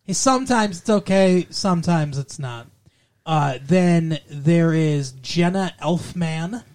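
A podcast co-host chats casually about a TV show, joking, wisecracking and swearing some as they review it. His voice is fairly high, expressive and slow, with a darkish tone.

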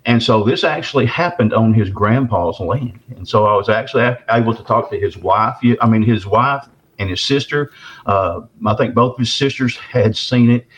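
A man's voice: on the low side, normal speed, a bit bright. An older man from the Texarkana area, telling a long story in a casual, folksy way and often repeating and restarting his words. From Texarkana area, southern US. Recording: dull lo-fi recording.

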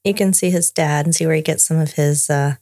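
A woman's voice: sits low, fairly even intonation, brisk, no echo, clean studio sound. A woman co-hosting a podcast, chatting casually and teasing her co-host. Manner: teasing, laughs along. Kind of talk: casual podcast outro chat. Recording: loud music under the voice.

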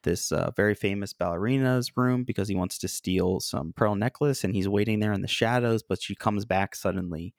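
A man casually discussing an old film with a co-host, animated and acting out the quoted lines. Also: on the low side, fairly quick, vocal fry, few pauses, no room sound, clean studio sound.

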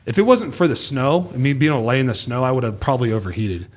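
A man's voice: mid-range voice, rapid-fire, a little hiss or hum. A man in his thirties, a former pro football player and a podcast guest, telling stories in casual chat, acting out what people said and swearing freely. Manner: animated storyteller who acts out quoted speech, swears casually.

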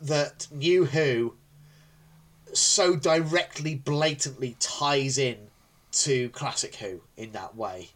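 A man's voice: mid-range voice, slow. A man co-hosting a casual podcast chat, who rambles with many ums and restarts. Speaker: podcast co-host.

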